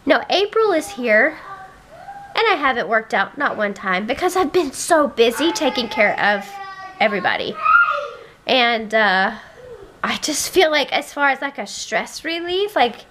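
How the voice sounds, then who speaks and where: A woman's voice: a little high, sing-song, unhurried, very noisy. A woman in her thirties, a busy mom, chatting casually to the camera about her day, rambling and fed up with her squabbling kids. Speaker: family vlogger, mom. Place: family home. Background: children squealing and yelling.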